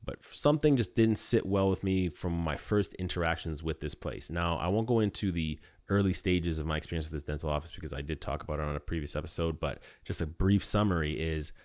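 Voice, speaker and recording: Low-voiced man telling a wry story. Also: brisk, hardly any pauses, dry recording, clean studio sound. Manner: animated, wry and self-deprecating. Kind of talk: casual storytelling monologue.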